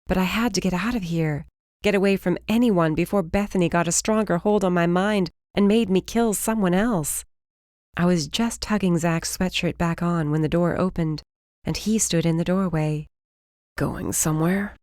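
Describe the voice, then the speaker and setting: Female audiobook narrator, lower voice, dry close recording, steady first-person read. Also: moderate pace, dry recording.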